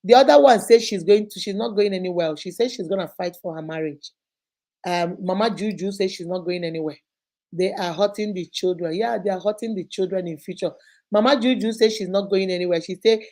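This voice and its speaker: A woman hosting an advice show, talking in a casual, animated way and firing rhetorical questions at her listeners. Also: mid-range voice, a little fast.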